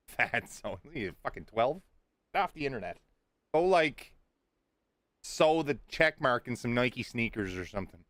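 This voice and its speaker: A man's voice: mid-range voice, pushed and bright, dry recording. A middle-aged man streaming a game live, talking bluntly and with heavy swearing as he rants at his chat. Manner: profane, blunt, ranting.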